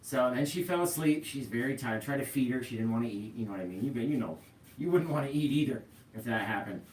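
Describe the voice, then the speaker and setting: A middle-aged man teaches painting live from his home painting room, rambling easily through a story and turning to viewers with a steady "right?". His voice sits at an ordinary pitch and carries from a little way off the mic. The room sounds echoey, with a faint hiss underneath. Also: fast, recorded from a distance. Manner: chatty, talks straight to viewers with frequent "right?". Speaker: painting instructor.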